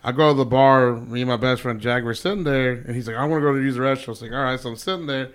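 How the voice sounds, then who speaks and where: A man's voice: medium pitch, very fast, clear, resonant tone. A man, a regular on a casual podcast, telling stories with lots of swearing and acted-out dialogue. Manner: excitable storyteller, swears freely, acts out dialogue. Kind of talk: casual chat.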